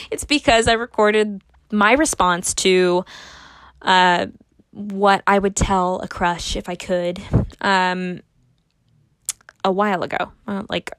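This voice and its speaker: A woman in her twenties talks through a casual solo podcast at an unhurried pace, piling up fillers and restarts. She is self-mocking and swears offhand, and her voice sits in a middle pitch. The sound is dry and close. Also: fairly bright tone, smooth, no room sound. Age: 20s. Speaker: podcast host.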